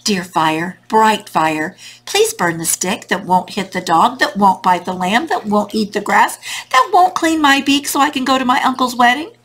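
A woman's voice: a little high, lively intonation, moderate pace, fairly bright tone, a little hiss or hum. A woman voicing a small rooster politely begging for help in a storybook. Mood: pleading. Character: pleading little rooster, desperate and polite.

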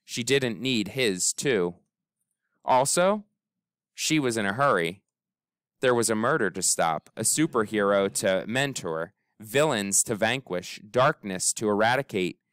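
A man narrating a storybook with a lively, swinging pitch and a smooth, resonant tone. The sound is close and dry, with no room around it. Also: measured pace, no echo. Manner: expressive, animated reading with character voices. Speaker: audiobook narrator. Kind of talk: storybook read-aloud.

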